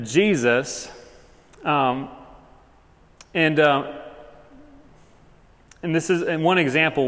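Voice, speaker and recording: A man's voice: mid-range voice, a bit bright, in a large hall. A man giving a sermon as a pastor, talking in a loose, conversational way with lots of fillers and asides. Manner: casual, conversational preaching with many fillers.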